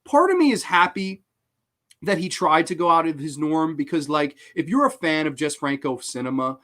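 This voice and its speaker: Male horror reviewer host, higher voice, swings up and down a lot, swears freely. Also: normal speed. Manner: animated, profane, excitable. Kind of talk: casual film review monologue.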